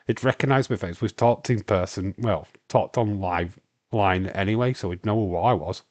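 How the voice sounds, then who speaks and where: A man with a Yorkshire accent hosts a casual wrestling watch-along stream, rambling and fielding chat questions with lots of filler words. His voice is on the low side at normal speed, with no echo.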